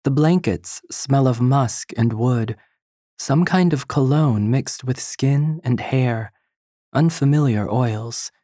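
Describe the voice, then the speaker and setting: A narrator reading literary fiction in a slow, measured storytelling voice. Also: medium pitch, warm tone, no echo, studio quality. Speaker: audiobook narrator.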